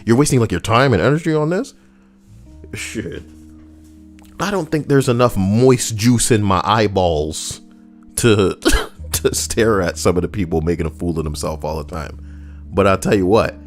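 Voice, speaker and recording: A man hosting a video, delivering an animated, profane commentary rant. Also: measured pace, pauses often, faint music behind. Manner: animated, profane, swinging up and down in pitch. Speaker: video host.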